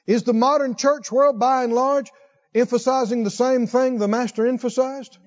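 The sound is lo-fi as a preacher with a steady tone delivers a sermon. He moves slowly, reading from scripture and questioning the congregation along the way, and his pitch climbs when he drives a point home.

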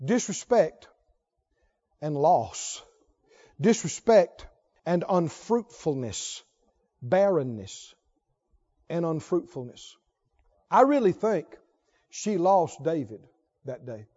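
A man preaching a sermon emphatically, swinging between loud declarations and hushed lines. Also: a little high, sing-song, slow, long pauses, dull audio. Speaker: pastor.

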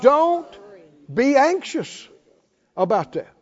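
A man preaches a sermon in a very high voice that swings widely in pitch. He works through rhetorical questions and joking asides, and pushes the congregation to call back. The recording is dull and lo-fi. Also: big pitch swings, slow pace.

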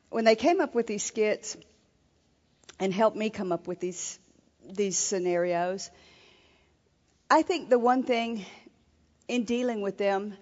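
A woman minister giving an earnest sermon at a marriage seminar, with frequent restarts. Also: a little high. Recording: lo-fi recording in a reverberant hall.

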